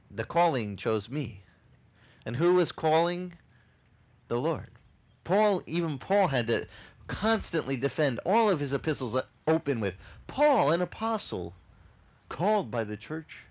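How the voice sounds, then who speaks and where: A man preaching a sermon at an outdoor beach service, telling Bible stories in an animated way and acting out the voices of the people in them. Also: mid-range voice. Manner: animated storytelling, acts out voices of people and God. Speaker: pastor.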